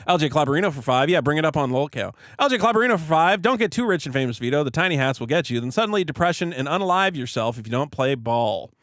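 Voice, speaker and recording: A man's voice: a little high, animated, quick pace, few pauses, a bit bright, no echo, clean studio sound. A man who is sick, casually co-hosting a podcast, reading out donation messages with offhand mumbled asides.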